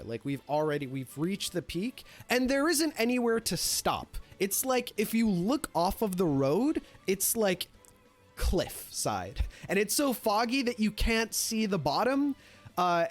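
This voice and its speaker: A man casually telling a story, animated and profane, filling his talk with "like". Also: high voice. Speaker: streamer.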